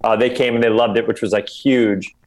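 A man as a comedian guest on a casual podcast, speaking earnestly and haltingly, often dropping into lower tones. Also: fairly even intonation, a little mellow.

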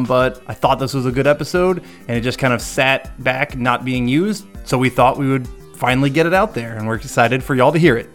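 A man hosting a podcast, chatting casually and jokingly, often laughing and rambling. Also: mid-range voice. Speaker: podcast host.

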